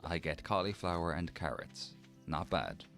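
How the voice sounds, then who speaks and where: A young man narrating his gameplay in a deadpan, mock-formal comic way. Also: sits low, normal speed, creaky. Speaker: gaming channel narrator. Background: faint game background music.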